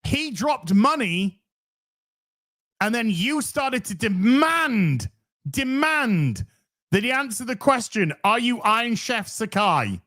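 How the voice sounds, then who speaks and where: A man's voice: very high-pitched, big pitch swings, slow pace, bright, forceful tone. A man hosting a commentary show, ranting sarcastically and mocking the streamer he reacts to. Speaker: commentary host.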